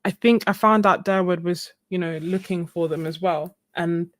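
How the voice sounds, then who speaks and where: A young woman with a lowish voice talks casually to her viewers while she paints, answering their comments and laughing often. The sound is dry and close, with no room around it. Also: fairly even intonation, moderate pace, dry recording. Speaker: live-stream art host. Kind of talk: casual chat while painting on a live stream.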